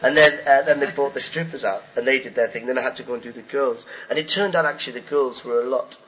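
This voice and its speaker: A middle-aged man, a stand-up comedian, telling a rambling anecdote with animated acted-out voices. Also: medium pitch, fast talker, a little hiss or hum, poor audio. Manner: animated, acts out voices of hecklers and friends. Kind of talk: storytelling comic monologue.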